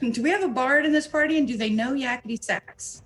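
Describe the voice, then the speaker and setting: A woman's voice: sits high, normal speed, a bit bright. A woman playing a tabletop game, joking and sarcastic with the group. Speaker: player. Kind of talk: casual game chat.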